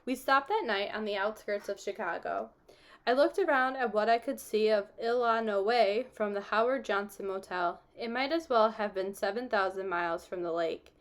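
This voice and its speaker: A woman reading a novel aloud, telling the story steadily and giving the characters gentle voices. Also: mid-range voice, normal speed. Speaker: audiobook reader.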